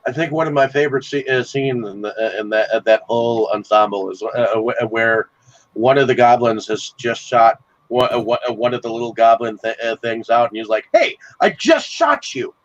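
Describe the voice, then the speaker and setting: A man co-hosting a casual movie chat, talking haltingly with many fillers and restarts. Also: medium pitch, fairly even intonation, no room sound, dull audio. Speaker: podcast co-host.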